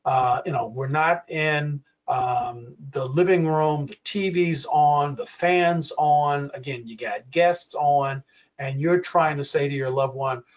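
An older man leads a workshop, speaking slowly and deliberately in a somewhat high voice. He breaks into little acted quotes to show his points. The audio is dull and lo-fi. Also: distant mic. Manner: slow, deliberate, acts out quoted examples. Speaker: workshop presenter. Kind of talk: educational workshop talk.

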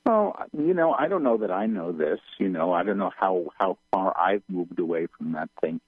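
Deep husky man on a phone line. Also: lively intonation, moderate pace, no room sound. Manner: repeats phrases softly while channeling. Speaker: channeler guest. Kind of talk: radio interview, whispered channeling.

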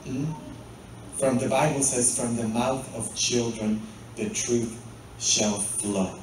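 Male pastor, slow-paced sermon, heard from a distance in a very reverberant church. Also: medium pitch, fairly even intonation, a little hiss or hum. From Poland. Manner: asks the congregation frequent rhetorical "hmm?" questions. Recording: very echoey church, mic far off.

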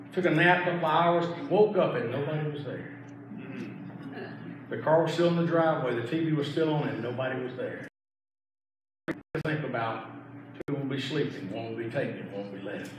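A middle-aged pastor preaches with emphatic repetition. His voice sits a bit high for a man. The recording is distant and drowned in church echo over steady noise. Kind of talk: sermon. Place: church sanctuary. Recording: echoey church from far off, noisy.

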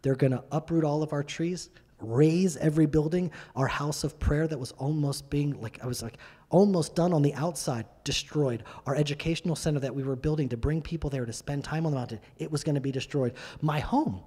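A middle-aged man giving an animated, emphatic testimony as a guest speaker in a church. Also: fairly high pitch, fairly quick. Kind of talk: sermon-style testimony. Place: church hall. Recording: reverberant church hall.

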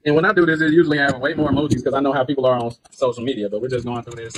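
A man's voice: mid-range voice, fairly even intonation, very fast. A man coaching viewers on online business in a hyped, slangy way, laughing often. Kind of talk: casual coaching talk to camera. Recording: loud background noise.

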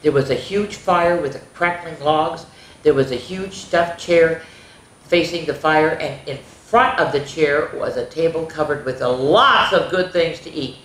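A woman reading a spooky children's story aloud, expressive, with gasps and little asides to young listeners. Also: deep voice, unhurried, slight background noise. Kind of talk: reading a spooky picture book aloud to kids. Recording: roomy echo.

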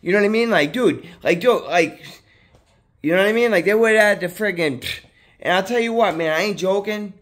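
A man with a high voice, talking a little fast, vlogs a personal story. His talk is casual and rambling, loaded with swearing and fillers like "dude" and "you know what I mean." He's excitable, and his voice jumps up whenever he gets worked up.

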